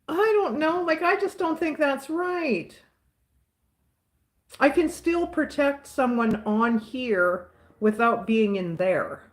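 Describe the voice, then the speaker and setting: Speaking slowly in a high voice, a Southern US–accented woman from the American South chats casually with her live viewers, answering their comments as host. She rambles, speaks her mind, and repeats herself often.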